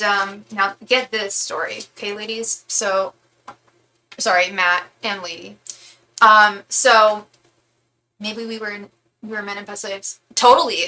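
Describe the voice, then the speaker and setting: Young woman, bright and chatty, livestream host, gushes, restarts a lot, webcam mic at home. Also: medium pitch, a little hiss or hum, poor audio. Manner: chatty and gushing, many fillers and restarts. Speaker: tarot reader and psychic livestream host. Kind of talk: casual livestream chat reading comments.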